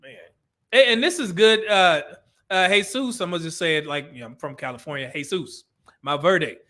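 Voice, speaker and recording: High, bright-voiced man chatting on a livestream. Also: moderate pace. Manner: chatty, laughs often, reacts to comments. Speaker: livestream host reading chat. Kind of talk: casual live-stream chat.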